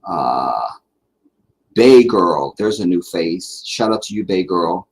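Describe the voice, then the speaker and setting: Reading viewer comments on a casual live stream, a male host chats loosely, rambles, repeats himself, and laughs readily. His lowish voice is animated but unhurried, on a low-quality recording.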